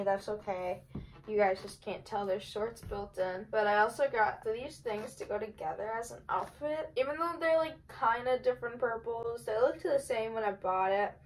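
A young woman with a fairly high voice gushes through a casual try-on haul. She rambles on in a bubbly, fast-talking way, with a faint hiss behind her. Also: low-quality recording. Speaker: fashion vlogger.

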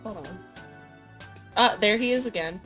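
A woman's voice: medium pitch, unhurried, fairly bright tone. A young woman streaming a game, joking to herself and reading dialogue aloud. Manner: playful, joking asides to herself. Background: faint game music.

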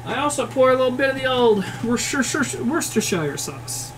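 A woman's voice: high-pitched, animated, a little fast, a little hiss or hum. A woman with a Northern Plains Midwestern accent chatting bluntly on a cooking stream, swearing freely and answering her chat as she cooks in a home kitchen. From Upper Midwest, United States. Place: home kitchen with food frying. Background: faint sizzling and frying.

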